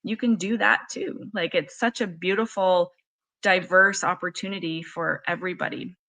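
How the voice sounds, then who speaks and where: Bright-voiced woman interview host. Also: fairly low pitch, steady tone, moderate pace. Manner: enthusiastic, talks with filler words. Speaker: podcast host. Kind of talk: casual interview chat.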